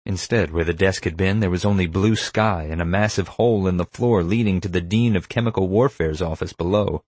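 Deep, husky male audiobook narrator. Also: brisk, a little mellow, dry recording. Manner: dry, wry storytelling. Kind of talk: scripted first-person audiobook narration.

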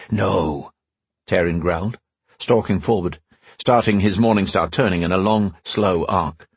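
A man giving steady, measured scripted narration of a fantasy audiobook in a slightly husky voice. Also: lowish voice, dry recording.

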